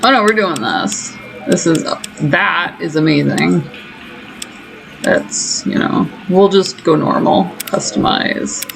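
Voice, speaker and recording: A woman's voice: fairly low pitch, lively intonation, slow, creaky, over music, poor audio. A woman streamer giving chatty, self-mocking running commentary while she plays a game. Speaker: gaming streamer. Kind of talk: casual let's-play commentary.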